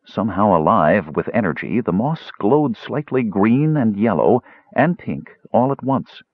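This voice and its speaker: A man with a husky voice narrating a fantasy audiobook in a measured, expressive way. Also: on the low side, dry recording, narrow, tinny audio.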